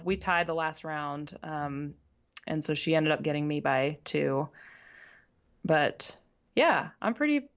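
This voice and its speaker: A woman's voice: deep voice, lo-fi sound. A woman co-hosting a radio show, chatting casually and laughing often, sometimes stumbling over names. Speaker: podcast co-host. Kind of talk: casual sports chat.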